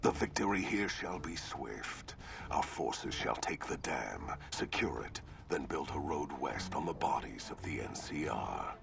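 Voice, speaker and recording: An actor playing a brutal, menacing warlord in a video game, speaking in a gravelly half-whisper. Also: male voice, rumbling low, lively intonation, measured pace, hardly any pauses, heavily acted. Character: brutal masked male warlord, menacing, older. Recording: game audio under music.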